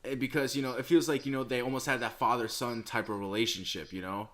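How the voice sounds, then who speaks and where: Man, mid-pitched, halting podcast talk with lots of "you know" and "um". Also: fairly even intonation, fairly bright tone. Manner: hesitant, many fillers, laughs. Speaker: co-host of a movie review podcast. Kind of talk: casual conversation, movie review.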